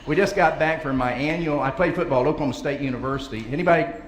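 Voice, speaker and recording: A folksy man with a drawl tells jokes from the stage of a big banquet hall, chuckling as he goes. His voice sits a little high for a man. The sound rings with a long, roomy reverb over faint room ambience. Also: very fast, a little hiss or hum. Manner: folksy storyteller, chuckling often. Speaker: motivational speaker. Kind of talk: humorous banquet speech.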